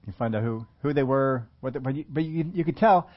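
A man's voice: mid-range voice, fairly quick. A man preaching a sermon in a conversational way, often asking his listeners questions. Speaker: pastor. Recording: muffled lo-fi recording.

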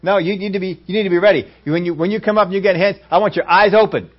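Guy preaching a sermon, kinda high voice, acts stuff out, gets loud then hushed, lo-fi muffled recording. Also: quick pace. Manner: lively preacher acting out scenes, swinging between loud exclamations and hushed asides. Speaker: pastor.

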